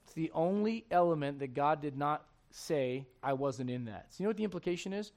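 A male pastor preaching a sermon, swinging between shouted intensity and hushed, gentle tones. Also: fairly high pitch, lively intonation, brisk.

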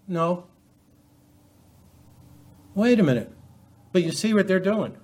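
Emphatic middle-aged preacher, slightly high. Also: male voice, expressive, takes it slowly, long pauses, a little mellow, breathy edge. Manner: emphatic, many rhetorical questions. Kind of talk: sermon.

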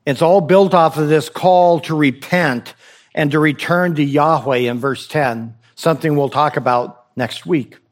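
At a measured pace, a man whose voice sits on the high side preaches to his congregation as their pastor. He exhorts them, repeating phrases for emphasis and posing rhetorical questions.

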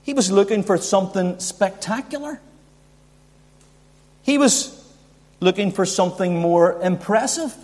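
Animated preacher in a reverberant hall. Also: male voice, high-pitched, a little slow, long pauses. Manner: animated, rising emphasis and rhetorical questions. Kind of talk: sermon.

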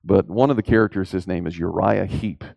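Gravelly low-voiced male preacher. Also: a little fast, darkish tone, no room sound. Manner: emphatic, rises in pitch on key points, asks rhetorical questions. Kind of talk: sermon.

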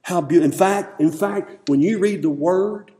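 A man preaching an emotional sermon in a church, swinging from loud calls to hushed, tender lines. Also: sits high, measured pace. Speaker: pastor. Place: church sanctuary.

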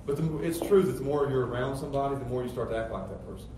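A middle-aged pastor preaching a sermon with emphatic, rising rhetorical questions. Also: male voice, medium pitch, very fast. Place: church sanctuary. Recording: very echoey church hall, distant mic, faint noise.

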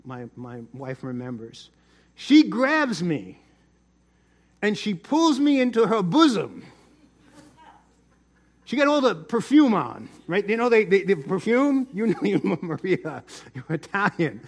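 A man's voice: high-pitched, sing-song, measured pace, pauses often. A middle-aged man preaching a sermon, telling a personal story in a chatty way and often repeating words. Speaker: pastor.

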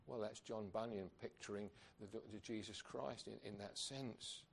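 A man's voice: fairly low pitch, normal speed, vocal fry, few pauses, husky. A man preaching a sermon, earnest and emphatic, asking rhetorical questions of his congregation.

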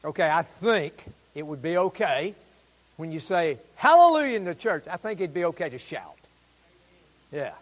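A man preaching a sermon as pastor in a church, exuberant, with loud proclamations. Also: fairly high pitch, lively intonation, moderate pace. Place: church sanctuary. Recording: long reverb of a church hall.

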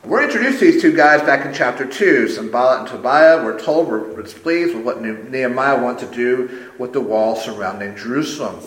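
A man's voice: mid-range voice, expressive, a little fast, few pauses, a bit bright. A man preaching a sermon as a pastor, emphatic and conversational. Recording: roomy echo.

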